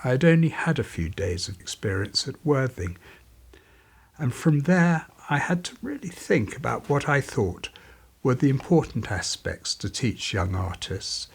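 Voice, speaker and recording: A man's voice: mid-range voice, creaky, slightly rough. A man in his fifties, an artist and part-time teacher, telling wry stories to camera with dry humour. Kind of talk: reflective storytelling to camera.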